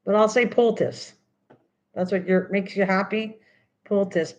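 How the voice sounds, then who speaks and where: Slow-talking older woman crafting host. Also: medium pitch, fairly even intonation, a little mellow, poor audio. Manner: chatty, teasing, repeats words over and over. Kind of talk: casual chat while crafting.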